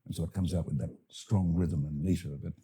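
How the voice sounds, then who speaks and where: An older Australian man, an actor and director, talking as a podcast guest in a thoughtful, halting way with many fillers and restarts. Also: low voice, steady tone, mellow, breathy edge. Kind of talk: podcast interview.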